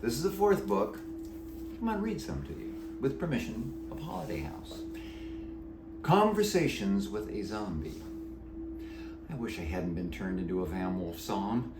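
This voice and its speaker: A man, the author, reading his book aloud in an animated, playful storybook narration. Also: lowish voice, a little slow, pauses often, noisy background. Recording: echoey room.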